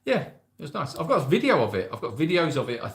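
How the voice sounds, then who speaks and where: A man's voice: fairly high pitch, sing-song, fast talker. Host, man, rambling chatty storyteller, roomy echo. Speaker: sanctuary host. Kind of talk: casual livestream chat. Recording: echoey room.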